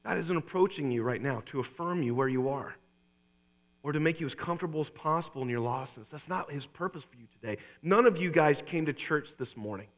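A male pastor preaching a sermon in a church, excitable and talking to the congregation directly, often repeating his phrases. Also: a little high, a little fast. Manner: excitable, repeats phrases, addresses listeners as "you guys".

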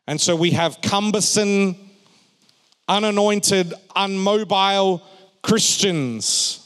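Man preaching with lively, emphatic swings. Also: high-pitched. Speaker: pastor. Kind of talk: sermon. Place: church hall. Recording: long reverb of a large hall.

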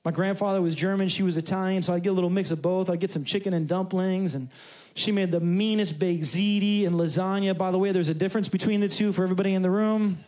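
A man with a high voice preaches to a church congregation. He is a pastor from New York who keeps it conversational and humorous, with asides to the crowd. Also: fairly even intonation, fast talker, darkish tone. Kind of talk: sermon. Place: church service.

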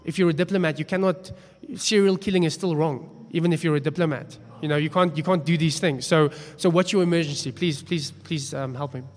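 A man's voice: fairly high pitch, steady tone, quick pace, hardly any pauses. A man preaching a sermon, telling a story in a chatty, self-deprecating way. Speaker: pastor. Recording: long hall reverb.

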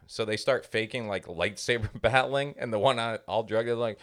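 A man co-hosting a comedy podcast, telling stories in a casual, animated way and acting out other people's voices. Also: fairly low pitch, fairly quick, few pauses. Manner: animated storyteller, acts out voices. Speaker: podcast co-host.

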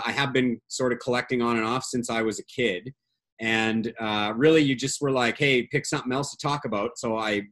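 A man's voice: medium pitch, fairly bright tone. A man in his forties, a regular panelist, talking casually in a rambling, self-deprecating way with many fillers. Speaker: regular panelist on movies and music. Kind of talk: casual chat.

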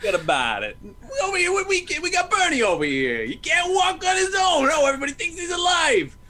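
A man voicing a rowdy male New Yorker buddy in a put-on New York accent, loud and exaggerated. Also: very high-pitched, very animated, brisk, voice pushed up, exaggerated voice. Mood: boisterous.

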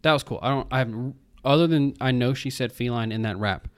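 A man co-hosting a casual movie podcast, animated and acting out quotes as he talks. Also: mid-range voice, fairly quick, dry recording. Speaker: podcast co-host. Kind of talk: casual chat.

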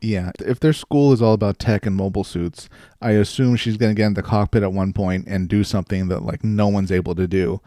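A man's voice: on the low side, a little fast, hardly any pauses, mellow, no echo, studio quality. A man co-hosting a casual podcast chat, joking and laughing often. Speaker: podcast co-host.

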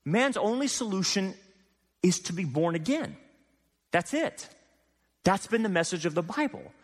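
A man preaching a sermon as pastor, animated and full of rhetorical questions to his congregation. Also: on the high side. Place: church sanctuary. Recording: long hall reverb.

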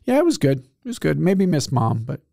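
A man's voice: a little high, wildly swooping pitch, fairly quick, vocal fry, dark tone, no echo, clean studio sound. A man who is a friar, co-hosting a casual chat in an easygoing, reflective way. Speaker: friar, co-host.

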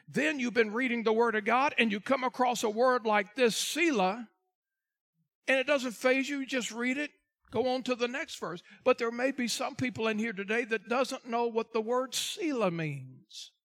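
High-voiced man preaching a sermon. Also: fairly bright tone. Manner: preaching with dramatic swells and drawn-out emphasis; addresses the congregation directly, asks for responses. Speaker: pastor.

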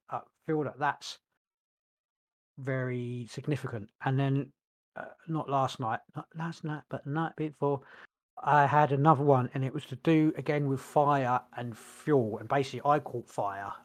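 Guy rambling on a podcast, keeps restarting and hunting for words. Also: mid-range voice. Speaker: podcast co-host. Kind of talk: casual chat.

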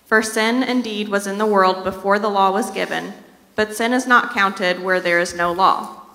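A woman reading a scripture passage aloud during a church service, steady and measured. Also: mid-range voice, in a large hall, poor audio. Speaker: scripture reader.

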